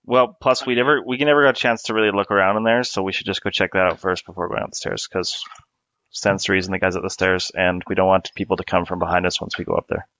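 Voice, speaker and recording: A man playing a tabletop game, joking and planning moves out loud. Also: low-pitched, steady tone, quick pace, dry recording, highs cut off. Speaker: player. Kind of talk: casual chat at a gaming table.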